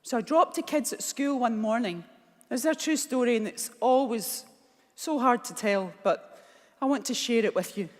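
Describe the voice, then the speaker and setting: Woman, glaswegian accent, higher voice, emotional storytelling, long hall reverb. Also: normal speed. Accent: Scottish, Glaswegian. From Scotland. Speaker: keynote speaker. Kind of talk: motivational speech. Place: large conference hall.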